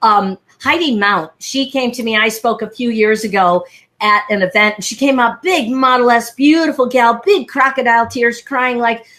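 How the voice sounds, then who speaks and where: Over a headset mic on a live video call, a woman speaking coach tells stories in a fast, lively, animated way. She acts out the people she quotes in a high voice, giving the stream an energetic, chatty feel.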